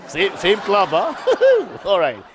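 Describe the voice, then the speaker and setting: Male satirical host, fairly high voice, sarcastic and rambling. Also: wildly swooping pitch, slow pace, a crowd in the background. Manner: sarcastic, self-mocking, rambling asides. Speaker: comedy show host. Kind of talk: satirical news comedy.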